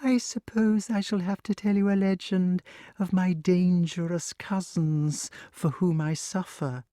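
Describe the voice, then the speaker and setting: A man voicing a patient old male grass snake with a sing-song, gently affectionate way of talking, in an audiobook. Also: high-pitched, fairly even intonation, measured pace, no room sound, studio quality, voice pushed up. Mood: patient, musing. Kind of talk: audiobook character reading.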